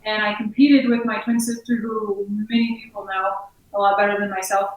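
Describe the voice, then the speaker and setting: A woman from Colorado, a former biathlete, talking casually as an interview guest with relaxed, filler-heavy speech. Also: medium pitch, normal speed, muffled recording. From Colorado, United States. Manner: relaxed, chatty, with many fillers. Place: inside her outdoor gear shop. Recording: echoey room, voice far from the mic.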